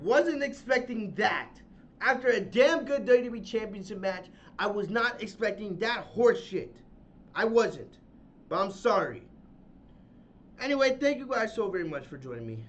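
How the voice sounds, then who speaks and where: A man with a very high voice rants through his podcast review, angry and profane, saying his points again and again. The sound is dull and lo-fi. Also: expressive, moderate pace. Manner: angry, profane, loud ranting with repeated phrases. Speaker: podcast host. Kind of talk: ranting wrestling review podcast.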